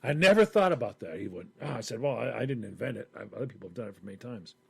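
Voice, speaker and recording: A man chatting casually, telling a story with lively acted-out quotes. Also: mid-range voice, rapid-fire, creaky, slightly rough, no echo. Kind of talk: casual chat.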